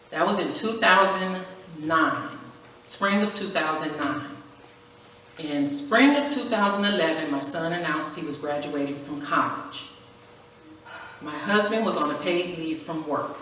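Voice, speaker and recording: A middle-aged Californian woman gives an animated personal testimony as guest speaker at a women's church breakfast, acting out dialogue and laughing often. Her voice is low and unhurried, with frequent pauses. She is heard from far off in an echoey church hall, with faint background hiss.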